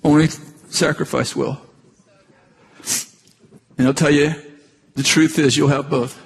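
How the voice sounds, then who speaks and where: A man in his sixties preaching, telling a personal story earnestly and haltingly, with many restarts. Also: fairly high pitch, fairly even intonation, creaky. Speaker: pastor. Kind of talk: sermon storytelling. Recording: long reverb, faint noise.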